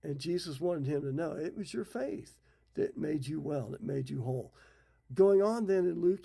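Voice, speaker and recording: A man's voice: fairly high pitch, gravelly, warm tone. A middle-aged man who teaches the Bible, retelling scripture stories in a folksy, casual way. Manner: folksy, retells scripture in his own words.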